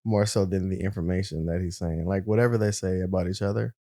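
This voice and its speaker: A man co-hosting a casual podcast in a low voice. He is laid-back and asks quick, skeptical questions. The recording is dry and close to the mic. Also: steady tone, mellow, no room sound. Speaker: podcast co-host. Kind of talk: casual chat.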